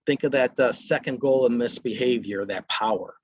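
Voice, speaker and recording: A man's voice: mid-range voice, moderate pace, hardly any pauses, breathy edge. A man presenting a parenting workshop, talking casually and acting out short lines from parents and kids. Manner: conversational, acts out parents and kids in brief quotes.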